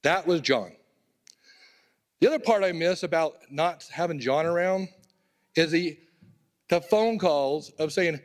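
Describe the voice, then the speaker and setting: A man's voice: fairly high pitch, animated, measured pace, pauses often. Man telling stories in a eulogy. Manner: casual, conversational, personal anecdotes. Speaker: eulogy speaker at a memorial. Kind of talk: storytelling eulogy. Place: temple hall.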